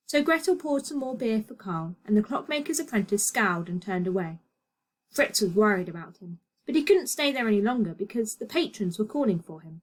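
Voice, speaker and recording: Expressive British woman teacher reading aloud. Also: mid-range voice, fairly quick. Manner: expressive, chatty asides. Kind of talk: reading a storybook aloud to a class.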